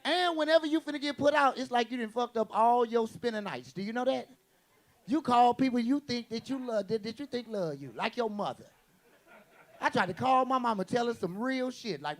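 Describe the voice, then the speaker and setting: A man performing stand-up comedy in a high, gravelly voice. His delivery is brash and profane, full of quick punchy lines and acted-out quotes. Audience laughter rises behind him. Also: expressive.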